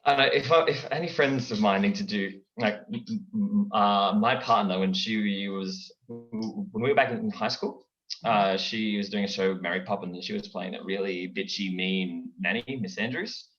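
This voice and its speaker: On dull, lo-fi call audio, a young guest comedian and impressionist chats casually, his low-leaning voice a bit bright and moderately paced. He keeps things playful, frequently repeating words at the start of sentences.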